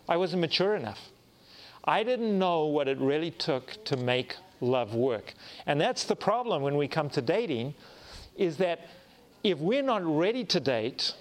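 Animated man telling a story in a sermon. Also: a little high. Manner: animated storyteller, acting out dialogue, self-mocking. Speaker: pastor.

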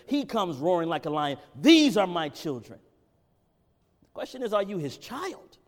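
Impassioned high-voiced preacher in a reverberant hall. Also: male voice, big pitch swings, normal speed. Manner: swings from loud impassioned peaks to low conversational teaching. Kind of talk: sermon.

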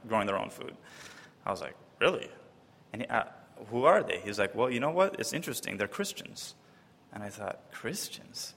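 Man telling a story in a big echoing hall. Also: husky. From Wisconsin. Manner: lively, acts out quoted voices, often pitching up high in disbelief. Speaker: speaker giving a personal testimony. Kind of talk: personal testimony storytelling. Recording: long reverb of a large hall.

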